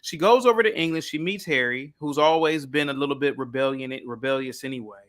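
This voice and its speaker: A man's voice: medium pitch, a little fast. A man talking as a guest in casual podcast chat, emphatic and profane as he tells his take.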